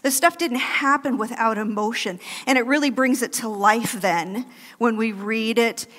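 A woman preaching a sermon in a church, loud and animated, with laughing asides. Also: fairly high pitch, normal speed. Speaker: guest preacher. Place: church sanctuary. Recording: long hall reverb.

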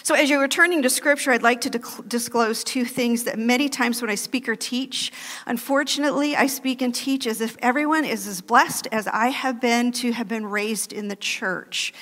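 A woman preaching a sermon in a church, loud and animated, with laughing asides. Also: a little high, moderate pace. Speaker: guest preacher. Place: church sanctuary. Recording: long hall reverb.

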